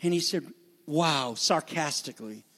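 A male pastor delivers a sermon in a rather high voice. He preaches with passion, rising to loud emphatic peaks and dropping to hushed, almost whispered lines. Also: expressive, moderate pace. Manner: impassioned, swings between loud emphasis and hushed near-whispers.

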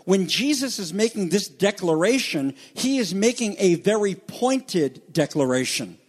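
A man's voice: high voice, big pitch swings, measured pace. A man preaching a sermon as pastor, reading scripture and explaining it earnestly.

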